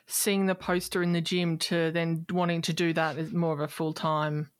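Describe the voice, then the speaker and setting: A woman hosting an interview, chatty and jumping in with quick questions. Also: deep voice, level tone, no echo, clean studio sound. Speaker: podcast host. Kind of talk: conversational interview.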